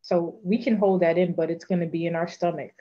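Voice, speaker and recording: A woman's voice: lowish voice, steady tone, brisk, dark tone. A woman life coach giving encouraging advice in a live interview, repeating phrases for emphasis. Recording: dull lo-fi sound.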